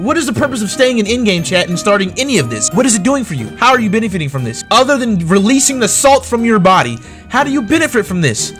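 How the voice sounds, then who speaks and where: A man's voice: high-pitched, big pitch swings, quick pace, hardly any pauses, a bit bright, soft background music. A man hosting his gaming channel, ranting sarcastically and with plenty of swearing as he mocks the opponents in his matches. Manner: heated, sarcastic and profane, mocking opponents. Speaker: gaming streamer and channel host. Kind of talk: ranting gameplay commentary.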